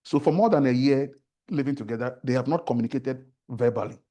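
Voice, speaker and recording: Earnest husky-voiced Ghanaian man. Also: mid-range voice, quick pace, dark tone. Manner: earnest, preacherly storytelling. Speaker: guest speaker on faith. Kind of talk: talk-show conversation.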